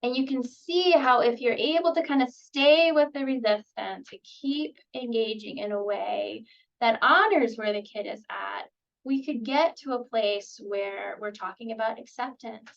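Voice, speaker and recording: A woman with a fairly high voice gives a relaxed, explanatory training talk, often pausing on ums. The sound is dull and lo-fi, like audio from an online meeting. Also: creaky. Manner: relaxed and explanatory, with frequent ums and acted-out examples. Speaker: presenter at a clinical training session. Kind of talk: conversational teaching talk. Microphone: video call.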